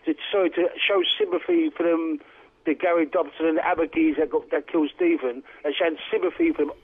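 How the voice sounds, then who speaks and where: A high-pitched man talks over a tinny phone line into a radio show. He rambles emphatically, stumbling and restarting as he builds his points. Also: animated, fast talker, husky. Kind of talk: talk radio discussion.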